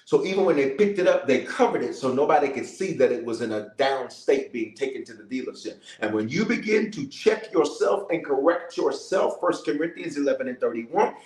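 A man's voice: mid-range voice, animated, fairly quick, hardly any pauses, darkish tone, echoey room, low-quality recording. A man preaching as a bishop, praying and calling out to the congregation, repeating his lines. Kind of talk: sermon with prayer.

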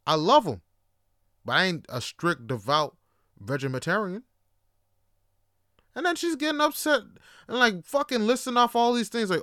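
A young man spins a comic anecdote in loose, slangy talk full of curses and fillers. His voice sits a bit high, with a crisp, smooth tone. It sounds dry and close to the mic. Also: no echo. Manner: animated, profane, slangy, lots of fillers. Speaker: podcast host. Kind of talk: casual comedic storytelling.

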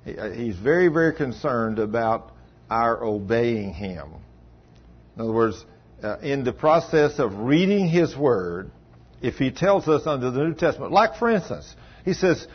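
A man's voice: medium pitch, animated, brisk, husky. A man preaching an informal sermon to his congregation, in a folksy, rambling way. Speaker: pastor. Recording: dull lo-fi sermon recording.

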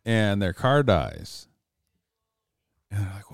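A man's voice: sits low, a little slow, clean tone, dry recording, clean studio sound. A man casually telling an urban legend story, rambling and swearing often, with laughs between lines.

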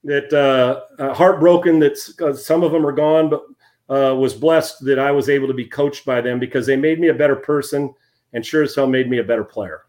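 A man in his fifties, a former football player and guest, telling casual stories in an animated way and often repeating words as he goes. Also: mid-range voice, brisk. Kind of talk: casual storytelling.

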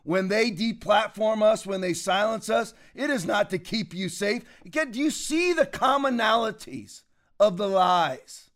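A man hosting a political commentary show, ranting fiercely and preaching, with sudden loud outbursts. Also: high-pitched, unhurried.

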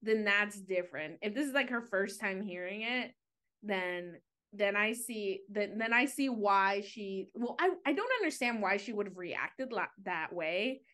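A woman's voice: mid-range voice, expressive, unhurried, pushed and bright. A woman co-hosting a casual podcast, talking chattily and filling her sentences with "like". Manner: chatty, many "like" fillers. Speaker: podcast co-host.

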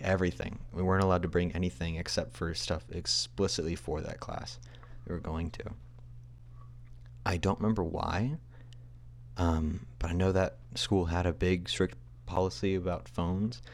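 Brief: young male podcast host, deep voice, rambling and self-deprecating storyteller. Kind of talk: casual storytelling.

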